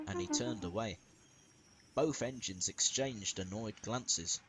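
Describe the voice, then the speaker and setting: A man narrating a fan-made storybook tale in a lively, expressive way. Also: fairly low pitch, a little slow, breathy edge, poor audio.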